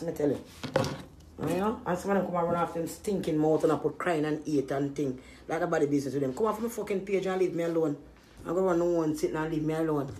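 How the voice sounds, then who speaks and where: A woman's voice: deep voice, darkish tone, slight background noise. A woman, a small business owner venting in an angry, profane monologue. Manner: irritated, profane ranting.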